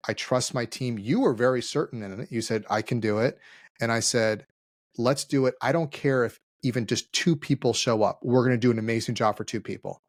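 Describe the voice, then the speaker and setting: A man co-hosting a casual business podcast, telling stories and acting out quoted dialogue with lively energy. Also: medium pitch, fairly quick, no echo, studio quality. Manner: animated storyteller, acts out quoted dialogue. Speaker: podcast co-host, CEO.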